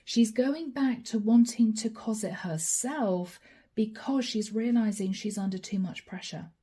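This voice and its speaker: A woman's voice: on the high side, unhurried, mellow, breathy edge. A woman giving a channeled tarot reading, talking straight to the viewer in a musing, reassuring way. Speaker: tarot card reader.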